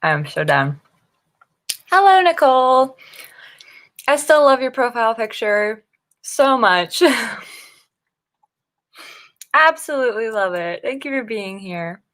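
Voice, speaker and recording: A woman's voice: fairly high pitch, sing-song, takes it slowly, long pauses, a bit bright. A young woman chats casually on her morning writing livestream, reading out viewer comments as she goes. She rambles and restarts her sentences, and she giggles often. She sounds tired and a little loopy from being up early.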